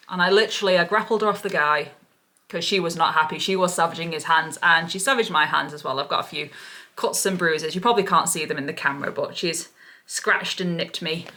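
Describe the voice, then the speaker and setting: A lower-voiced woman vlogger speaks with raw relief. She gushes and circles back to the same words again and again. She sounds emotional throughout. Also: steady tone, moderate pace, pushed and bright. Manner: gushing, repeats herself over and over. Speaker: parrot-keeping vlogger. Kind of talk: emotional vlog retelling.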